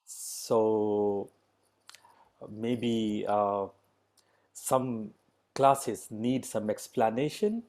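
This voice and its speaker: A middle-aged man leading an online yoga class, speaking slow, halting English with many pauses and fillers. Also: fairly low pitch, darkish tone. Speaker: yoga teacher.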